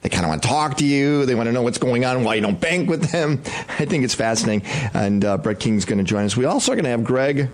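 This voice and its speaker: A man's voice: medium pitch, lively intonation, fast. A man hosting a business talk radio show, chatting loosely and rambling with fillers as he thinks aloud.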